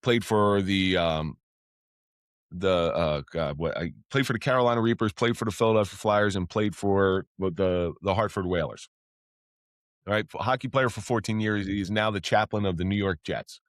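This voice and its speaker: Ex-cop guy on a podcast, low voice, dry close sound, swears, gets loud and high when excited. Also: normal speed, dry recording. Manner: candid, swears freely, pitch jumps up when excited. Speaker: podcast guest, former police officer. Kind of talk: casual storytelling.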